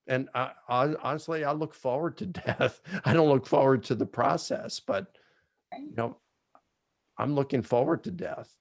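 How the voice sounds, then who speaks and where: A man's voice: medium pitch, moderate pace, no echo. A man answering audience questions, sharing a personal reflection in an earnest, emotional way. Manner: earnest, emotional, repeats and restarts.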